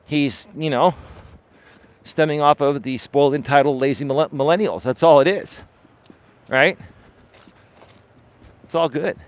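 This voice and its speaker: A man's voice: on the high side, a little slow, pauses often, clear, resonant tone. A man hosting a live coaching stream, talking in a dismissive, emphatic way, repeating words for stress and often asking "right?". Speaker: life and dating coach, live-stream host. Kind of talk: unscripted live-stream monologue.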